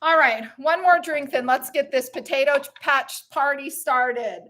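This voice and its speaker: A woman's voice: sits high, a little slow, fairly bright tone. A middle-aged woman hosting a live stream, cheering her viewers on with laughter while jogging in place, a little out of breath. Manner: enthusiastic, cheering, laughing often. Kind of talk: upbeat motivational live chat.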